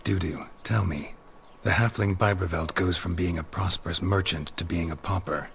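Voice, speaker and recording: A very deep, terse monster hunter. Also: male voice, moderate pace, creaky, a bit bright, slight background noise. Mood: level. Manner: terse and level. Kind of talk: video game voice acting.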